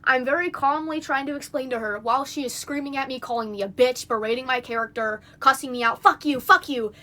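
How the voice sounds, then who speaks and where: A woman's voice: high-pitched, steady tone, fast talker, fairly bright tone. A young woman on a phone livestream, venting in an indignant, rambling rant full of fillers. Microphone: phone mic.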